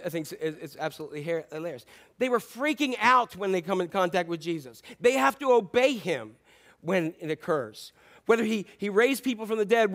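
High and fairly bright, this man's voice carries a jokey, conversational sermon. As pastor, he quizzes his congregation and dramatizes scripture quotes using playful voices.

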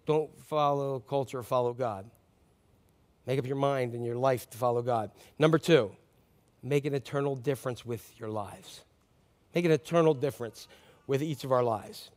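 A man preaching a sermon in a conversational, joking way, reading scripture with emphasis. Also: a little high. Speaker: pastor.

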